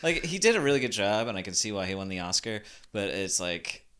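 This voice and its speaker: Deep-voiced man with a bright edge. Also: very animated, brisk, smooth. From Boston area. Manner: fillers like "like", swears casually. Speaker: podcast co-host. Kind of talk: casual chat.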